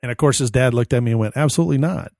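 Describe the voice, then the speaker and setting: A man's voice: mid-range voice, flat delivery, racing, a little mellow, no echo, clean studio sound. A man co-hosting a podcast in casual chat, a rambling storyteller who acts out the voices of people in his anecdotes. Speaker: podcast co-host.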